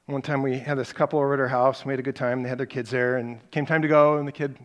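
A middle-aged man with a mid-range voice and level tone leads a parenting class. He tells stories conversationally and drives home his main points by repeating them, acting out quick snippets of parent and child lines.

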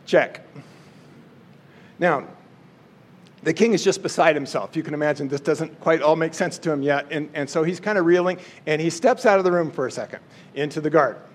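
A man's voice: a little high, moderate pace, pauses often. A man casually retelling a Bible story in a playful, chatty way. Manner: playful, chatty, acts out quotes.

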